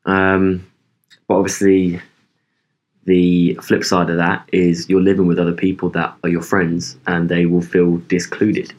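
A man's voice: sits low, monotone, unhurried. A young man co-hosting a podcast in loose casual chat, rambling with lots of ums and swearing. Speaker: podcast co-host.

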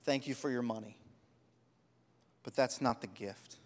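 A man's voice: medium pitch, a little slow, in a large hall. A man preaching a sermon, telling personal stories with heartfelt, rising emphasis. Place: church sanctuary.

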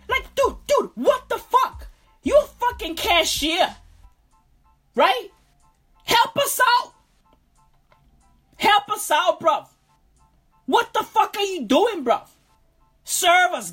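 A high-pitched woman rants in a lively, swooping voice. She swears often and keeps repeating herself. Faint music sits behind her. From South Africa. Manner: animated, profane, repetitive, keeps saying "bro". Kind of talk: profane comic rant.

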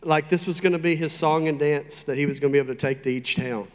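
A man preaching a sermon, emphatic and deliberate, with playful asides to the congregation. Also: a little high, big-room sound. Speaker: pastor.

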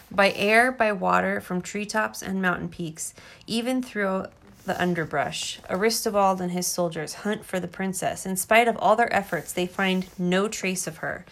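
A woman reading a storybook aloud to her child, gentle and expressive. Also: medium pitch, normal speed, gravelly.

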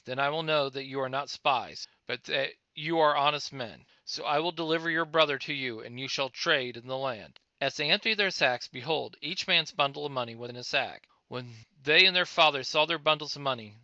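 A man reading a scripture chapter aloud in a steady, plain way, now and then stumbling and restarting a word. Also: medium pitch, no echo. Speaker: Bible reader. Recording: dull, dry lo-fi recording.

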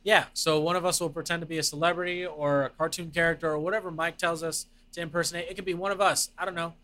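A young man co-hosting a casual chat, excitable and quick to laugh. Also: fairly high pitch. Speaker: co-host.

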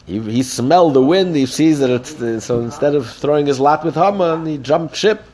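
Animated man teaching a Talmud class. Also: a little high, moderate pace. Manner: animated, acts out the quoted speakers. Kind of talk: daily Talmud page class.

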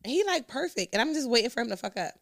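Animated fast-talking woman podcast host. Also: on the high side, gravelly, crowd noise. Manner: animated, blunt, laughs often. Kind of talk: casual chat.

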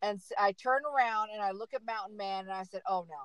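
A woman's voice: medium pitch, fast talker, crowd noise, rough recording. A middle-aged woman telling a dramatic story in casual chat, repeating words for emphasis.

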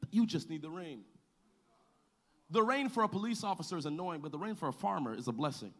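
A male pastor preaching a sermon, building to shouted, sing-song calls and call-and-response with the congregation. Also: fairly high pitch, lively intonation, moderate pace, long pauses.

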